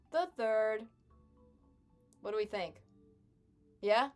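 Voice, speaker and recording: A woman's voice: lowish voice, moderate pace, soft background music. A young adult woman chatting casually with her live stream chat while gaming, sarcastic and chatty.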